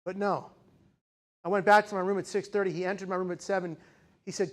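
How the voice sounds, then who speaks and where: A man in his forties giving a personal storytelling speech as a keynote speaker, dramatic and shifting between loud intensity and hushed quiet. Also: high voice, quick pace, long pauses. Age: 40s.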